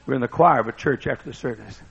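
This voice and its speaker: Gravelly preacher man, lo-fi recording. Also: racing. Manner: dramatic preaching, booming one moment and hushed the next. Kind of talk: sermon. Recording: dull lo-fi sermon recording.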